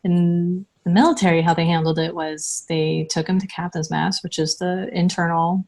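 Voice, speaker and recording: A woman from the United States telling her own story as an interview guest, halting and full of restarts. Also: lowish voice, little pitch movement, a little mellow. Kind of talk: personal recounting.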